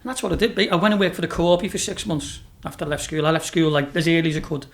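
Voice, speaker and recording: Speaking very fast with vocal fry in a slightly high register, a man in his fifties from Liverpool, England, appears as a guest. The racehorse owner chats casually in a Liverpool accent, swearing and laughing his way through rambling anecdotes.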